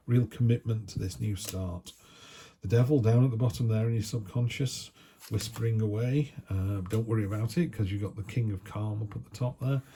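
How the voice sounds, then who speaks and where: A man's voice: lowish voice, warm tone, slight background noise. A middle-aged man giving a casual, chatty, down-to-earth tarot reading. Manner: chatty, down-to-earth, acts out little quoted asides. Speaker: tarot reader.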